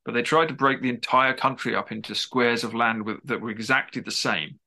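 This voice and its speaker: In a conversational interview, a male author talks at length, emphatic and digressive, often restarting his sentences. His mid-range voice is brisk, gravelly, pushed and bright.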